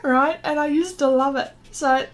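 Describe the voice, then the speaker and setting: A woman's voice: high-pitched, fairly even intonation, moderate pace. A middle-aged woman hosting a casual art livestream, chatting, reading viewer comments aloud and laughing often. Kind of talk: casual livestream chat while painting.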